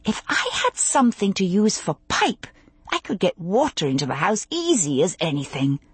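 A woman voicing a curious, practical young wife with a quick, animated way of talking. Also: medium pitch, breathy edge, no room sound. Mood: frustrated.

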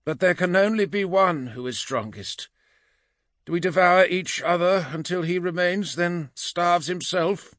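A man voicing a grim male warband leader who questions his hungry companions in a gruff, measured way. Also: high-pitched, fairly bright tone, no echo, studio quality, pitched above the performer's own voice.

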